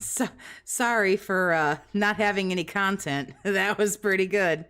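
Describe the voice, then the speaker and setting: A woman's voice: medium pitch, measured pace, fairly bright tone, clean tone. A woman hosting a reaction commentary, mocking and sarcastic, swearing freely. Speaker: commentary host.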